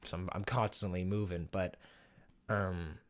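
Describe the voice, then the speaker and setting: A man's voice: deep voice, fairly even intonation, unhurried. A young man hosting a podcast, telling a comic story in a rambling, profane, self-deprecating way and laughing often. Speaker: podcast host.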